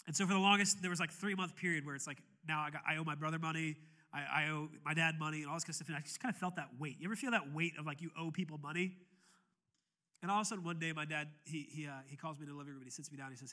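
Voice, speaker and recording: A man's voice: a little high, fast, bright, forceful tone. A male pastor telling a personal story in a conversational sermon, with many restarts, then building into passionate, raised preaching. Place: church sanctuary.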